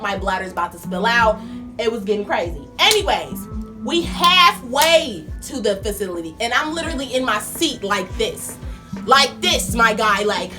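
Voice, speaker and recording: Young woman vlogger, lively slangy storyteller, higher voice, music underneath. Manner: animated, slangy, acts out her own lines. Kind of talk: casual storytime.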